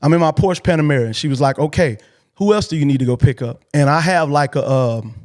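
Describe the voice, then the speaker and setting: A man's voice: on the high side, fast talker, a little mellow. A man telling a personal story on a call-in show in an earnest, colloquial way, emotional and near tears, repeating himself as he goes. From Texas. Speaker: host.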